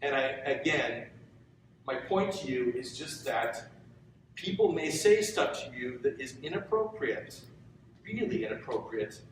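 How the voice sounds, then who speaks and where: A man's voice: mid-range voice, animated, unhurried, recorded from a distance, slight background noise. Earnest man lecturing in a very echoey hall. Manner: earnest, conversational, poses questions to the audience. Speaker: guest lecturer. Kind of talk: public talk to students. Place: lecture room.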